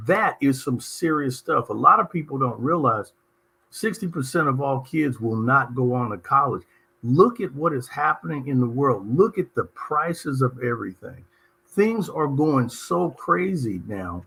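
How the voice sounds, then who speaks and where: A middle-aged man from Southern California, hosting a talk show and telling anecdotes in an animated, emphatic way. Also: mid-range voice, unhurried, gravelly, breathy edge. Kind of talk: conversational interview storytelling.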